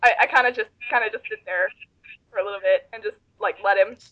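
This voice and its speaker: A woman's voice: medium pitch, steady tone, fast talker, bright, forceful tone, muffled recording. A woman playing a tabletop game in casual chat, self-conscious and laughing often. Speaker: player.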